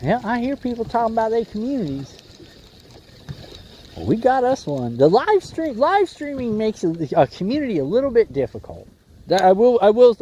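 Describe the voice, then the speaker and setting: Slangy animated man on a boat. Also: high voice. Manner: slangy, rambling, jokey, says "bro" and "boys" a lot. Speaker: fishing livestream host. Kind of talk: casual livestream chat while fishing. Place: small boat on a windy lake.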